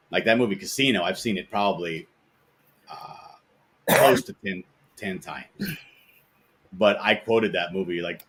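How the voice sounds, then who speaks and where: A man hosting a casual podcast chat, telling stories in a rambling, animated way. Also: deep voice, breathy edge.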